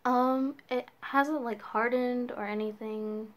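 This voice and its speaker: Teen girl vlogger, slightly high voice, unhurried, giggly and chatty, home camera-mic sound. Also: fairly even intonation. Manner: giggly, chatty, lots of "like" fillers. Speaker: beauty vlogger. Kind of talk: casual vlog chat.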